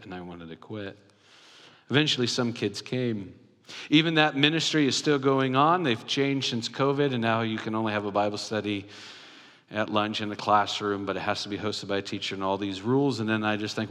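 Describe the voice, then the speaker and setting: A man's voice: medium pitch, moderate pace. A man preaching a sermon as a pastor, telling stories and acting out short exchanges between characters. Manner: animated storytelling, acts out voices. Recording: long hall reverb.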